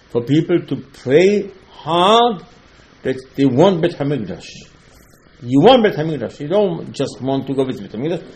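A man teaching a religious lesson in slightly non-native English, emphatic and repetitive, with sharp swings between loud and quiet. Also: fairly high pitch. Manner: emphatic, repeats key points, swings between loud and soft. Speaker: rabbi giving a Torah lesson. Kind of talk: religious lecture.

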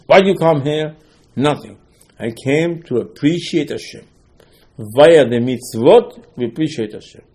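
Man, Torah lecture, animated storytelling, rhetorical questions, husky, mellow. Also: mid-range voice. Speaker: rabbi.

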